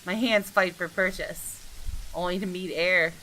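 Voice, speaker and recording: A woman's voice: on the low side, fairly even intonation, measured pace, bright, forceful tone, a little hiss or hum, poor audio. A woman reading a tense young man's inner monologue. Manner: reads first-person narration aloud in her own voice. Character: tense young man narrating his own ordeal. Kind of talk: reading a visual novel aloud.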